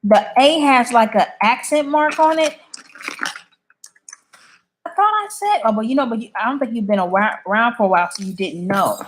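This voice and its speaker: This woman's voice is a little high and animated, at normal speed, against slight background noise. Streaming live on YouTube, she chats casually, reading out viewer comments and giving blunt, opinionated answers.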